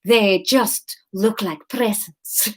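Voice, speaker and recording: A woman's voice: mid-range voice, extremely slow. A woman voicing an apologetic female bookshop assistant, putting on a hesitant Spanish accent that drifts toward Italian. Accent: put-on Spanish, drifting toward Italian.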